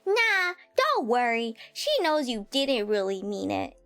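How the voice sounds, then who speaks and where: Brief: woman voicing a warm, doting male bear chef in a storybook game, slow soft lines, lively swings in tone. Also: fairly high pitch, faint music behind, heavily acted. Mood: gentle, doting. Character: cheerful big male bear cook, gentle and doting.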